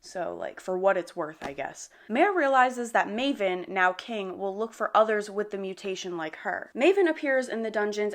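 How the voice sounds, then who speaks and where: A young woman with an animated, slangy manner gives a casual book recap full of dramatic asides. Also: mid-range voice.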